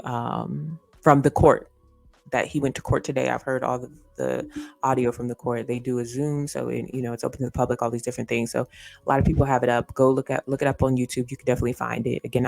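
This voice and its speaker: A woman's voice: very deep voice, gravelly, darkish tone, no room sound. A woman hosting a casual commentary livestream, earnest and repeating her points with lots of "you know" fillers. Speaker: host. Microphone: streaming setup.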